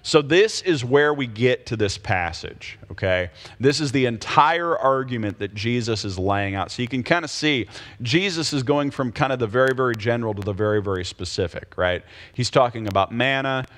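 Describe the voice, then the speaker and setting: A man's voice: medium pitch, lively intonation, moderate pace, a bit bright. A man leading a Bible study, explaining scripture in a casual teaching style and often checking in with his listeners. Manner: explains patiently, checks in with frequent "okay?" and "right?".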